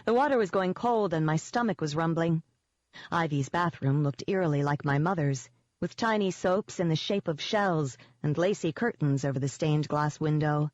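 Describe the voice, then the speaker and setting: An audiobook narrator reading a first-person novel in a steady, measured way. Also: medium pitch, no echo. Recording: dull, dry lo-fi audio.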